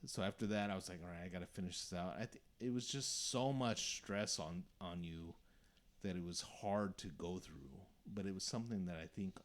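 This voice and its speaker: A young man chats on a podcast in a lowish voice. He tells his stories casually, with an animated delivery and plenty of swearing. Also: normal speed. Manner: swears a lot, animated storytelling. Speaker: podcast host.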